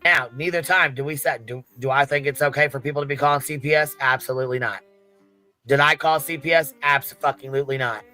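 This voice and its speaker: A woman's voice: extremely low pitch, fairly even intonation, fast talker, bright, forceful tone, soft background music. A woman streamer in a played clip, talking in an indignant, defensive way.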